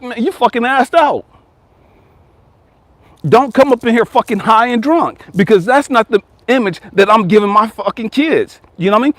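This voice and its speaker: Blunt, profane man with lively pitch. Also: no echo. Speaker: life coach and channel host. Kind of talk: casual motivational monologue.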